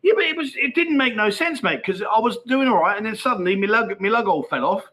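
A man's voice: high voice, animated, fast talker, a bit bright. A middle-aged man, hosting a casual livestream and bantering cheekily with viewers as he reads out their comments. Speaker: livestream host.

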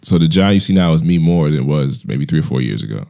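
Deep-voiced blunt man talking comedy. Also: expressive, fast, vocal fry, dark tone. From United States. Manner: blunt, profane, storytelling. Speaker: comedian guest. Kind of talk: casual chat.

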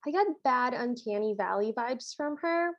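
A woman co-hosting a podcast, recapping an old cartoon in an amused, expressive way. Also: on the high side, moderate pace, no echo, highs cut off. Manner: amused, expressive, laughs easily. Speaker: podcast co-host. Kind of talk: casual chat reviewing a cartoon.

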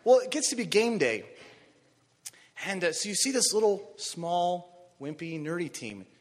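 A man preaching a sermon, telling a story with animated energy and rising to shouts on key phrases. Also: high-pitched, unhurried. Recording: long reverb of a large hall.

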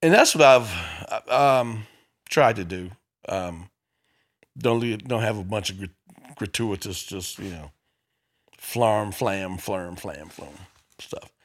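A stand-up comedian chats casually, telling stories in an animated, profane way and acting out the characters in them. His voice sits on the low side, and he speaks slowly with frequent pauses.

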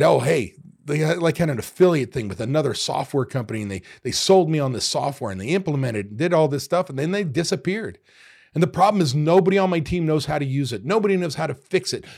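A middle-aged man hosts a solo podcast in a lively, swinging voice with a gravelly edge. His tone is husky as he retells other people's gripes with exasperated energy and the odd curse word. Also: fairly high pitch. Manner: animated, exasperated retelling of owners' complaints with mild swearing. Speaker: podcast host.

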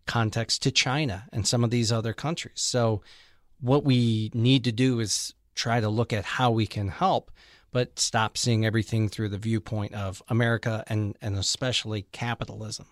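A man's voice: medium pitch, no room sound, clean studio sound. A man hosting a podcast, talking earnestly and laughing easily. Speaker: podcast host. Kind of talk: casual podcast chat.

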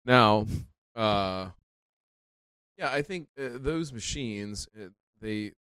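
A man's voice: lowish voice, animated, takes it slowly, a bit bright, clear, resonant tone, dry recording. A man hosting a live call-in show, chatting loosely and cursing casually. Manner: loose and profane, friendly banter.

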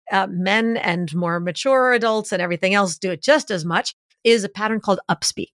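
A woman's voice: medium pitch, dry recording, studio quality. A woman being interviewed as an expert on leadership communication, explaining energetically and acting out little examples as she goes. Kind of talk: podcast interview.

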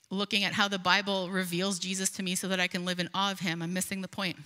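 A woman's voice: medium pitch, pushed and bright, clear, resonant tone. A woman preaching a sermon, earnest and emphatic, reading scripture aloud and explaining it. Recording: long hall reverb.

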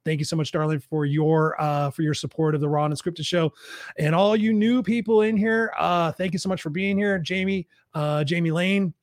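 A male show host and coach wrapping up a live stream, upbeat and effusive, reading out viewer comments, a bit hoarse as he loses his voice. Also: a little high, fairly even intonation, normal speed, no echo, clean studio sound. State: losing his voice.

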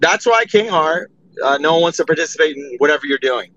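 A man's voice: a little high, expressive, a little fast, fairly bright tone, slight background noise. A man hosting a heated live audio chat, profane and mocking, with a lot of "uh" fillers. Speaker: space host. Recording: dry, dull lo-fi audio.

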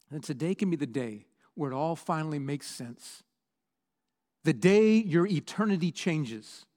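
A male pastor giving an impassioned sermon and altar call in a church, swinging between loud preaching and hushed prayer. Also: on the high side, long reverb tail. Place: church auditorium.

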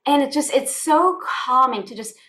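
A woman's voice: high voice, expressive, normal speed, bright, forceful tone. A woman guest on a podcast, a spiritual life coach from the United States, talking in an earnest, heartfelt way, often repeating phrases. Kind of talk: conversational podcast interview.

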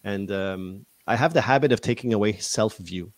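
A man's voice: lowish voice, normal speed, no room sound. A man as a podcast guest, telling stories in a casual conversation with laughs. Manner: animated storytelling with laughs. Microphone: video call.

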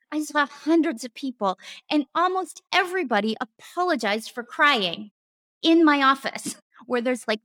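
A woman's voice: high voice, a bit bright, no room sound. Earnest woman coach, dry close sound. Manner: earnest, emphatic repetitions, casual slang. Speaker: coach and former therapist. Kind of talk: casual teaching talk.

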